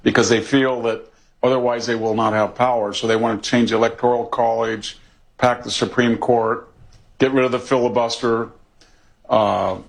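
A man answering as a guest in a TV interview, listing his points in a measured way. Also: mid-range voice.

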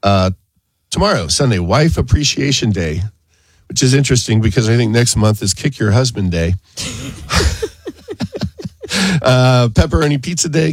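A man's voice: medium pitch, gravelly, slightly rough, no echo. A man hosting a talk show, chatting casually, rambling and laughing often. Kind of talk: casual on-air chat.

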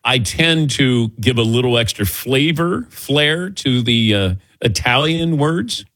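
A man's voice: medium pitch, animated, slow pace, a bit bright, dry recording. A man hosting a sports talk show, chatting loosely and circling his point with restarts. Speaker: sports radio host.

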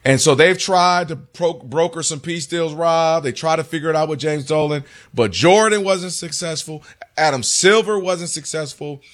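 A man co-hosting a casual sports talk show, recounting stories in a conversational, animated way. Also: on the high side, moderate pace. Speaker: co-host.

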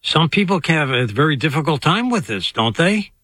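A man's voice: on the high side, big pitch swings, a little fast, pushed and bright, no echo, clean studio sound. A man hosting an interview who asks short, curious questions. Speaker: interviewer host.

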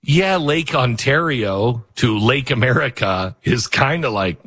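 A husky man hosts a casual talk show, pitch leaping up and down as he mocks what he reads. He laughs at his own jokes and riffs loosely between reading out stories. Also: expressive, measured pace, a bit bright. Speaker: show host.

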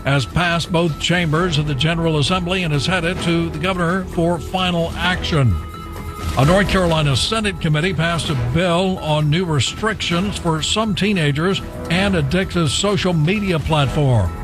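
Guy reading the news on the radio, slightly high voice, music bed clear underneath. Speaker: newsreader.

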